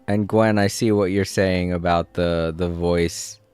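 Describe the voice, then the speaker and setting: A man's voice: deep voice, fairly even intonation, a little slow, darkish tone, clean tone, no echo. A man streaming a video game, giving casual, rambling commentary and laughing often.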